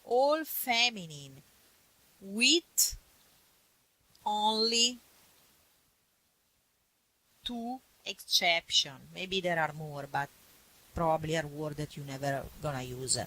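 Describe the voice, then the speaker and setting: Italian-accented woman teaching a language class, slow and patient, bright tone, a little low-pitched. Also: expressive, no room sound, low-quality recording. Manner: patient, repeats words slowly. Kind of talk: classroom grammar lesson.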